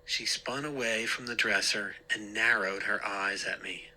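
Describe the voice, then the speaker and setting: A man narrating a scary story in a measured, deliberate way. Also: on the low side, pushed and bright, rough recording.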